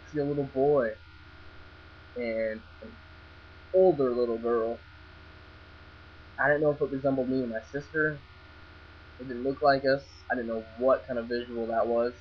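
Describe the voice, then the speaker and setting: Young guy, mid pitch, telling a rambling first-person story with restarts and swearing, on a dull lo-fi recording with faint hum. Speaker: vlogger. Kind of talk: casual storytelling.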